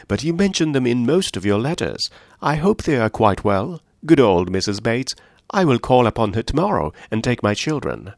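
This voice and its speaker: A man voicing an eager, affectionate young mother who chats warmly. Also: medium pitch, vocal fry, dry recording, clean studio sound, pitched above the performer's own voice.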